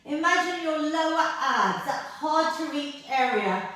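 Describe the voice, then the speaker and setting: A woman's voice: sits high, animated, unhurried, fairly bright tone. A woman fitness instructor coaching a workout from the mat, encouraging and out of breath as she exercises along. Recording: echoey room, voice from far off mic.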